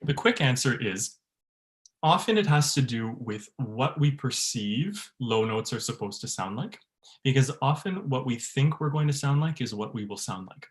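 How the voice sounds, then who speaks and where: A man, a bass-baritone voice teacher, leading an online workshop for choir singers, laughing often and demonstrating sounds. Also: lively intonation, moderate pace. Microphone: video call.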